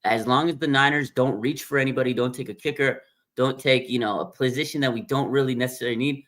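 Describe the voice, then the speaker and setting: Man, sports stream host, rambling casual chat, excitable, reads out chat comments, mid-pitched voice. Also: fast.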